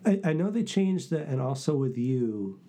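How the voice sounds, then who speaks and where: A man's voice: medium pitch, big pitch swings, normal speed, warm tone. A man in his thirties co-hosting a casual chat, dropping dry teasing quips. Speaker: co-host.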